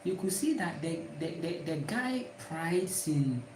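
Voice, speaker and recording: A woman's voice: lowish voice, big pitch swings, a little slow, darkish tone, slight background noise. Emphatic Ghanaian woman in an echoey room. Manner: emphatic, repeats words, stammering restarts. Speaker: spiritual teacher. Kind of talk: casual spiritual talk. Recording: roomy echo.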